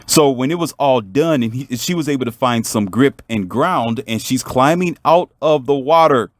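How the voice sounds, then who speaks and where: Man vlogger, mid pitch, emphatic preachy storyteller, dry sound. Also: expressive, moderate pace, no room sound. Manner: emphatic, preachy, talks straight to the viewer. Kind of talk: motivational storytelling monologue.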